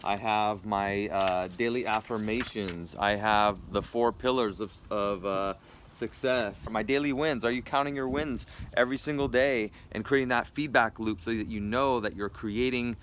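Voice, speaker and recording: A man speaking as a wellness coach, giving an upbeat, persuasive pitch straight to viewers, with casual fillers along the way. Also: steady tone, moderate pace, a bit bright, slight background noise. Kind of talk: direct sales pitch to viewers.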